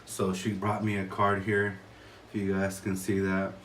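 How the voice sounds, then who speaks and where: A man with a fairly low voice talks casually to his camera about the shave he just had. He rambles and stops to restart his sentences, filling gaps with ums and uhs. A faint background noise runs under his voice in a room at home. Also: monotone, a bit bright. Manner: rambling, halting, many fillers and restarts. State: a little choked up. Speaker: shaving vlogger.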